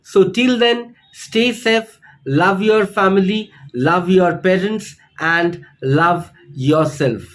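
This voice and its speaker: A man gives a pronunciation lesson in a high voice. He speaks slowly and deliberately and repeats each word clearly so learners can follow. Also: poor audio. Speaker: English teacher.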